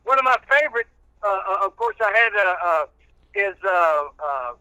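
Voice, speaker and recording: A man's voice: sits high, lively intonation, moderate pace, sharp tone, clear, resonant tone, no room sound, rough recording. A male radio personality talking casually as a guest, rambling with many filler sounds. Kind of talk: casual chat.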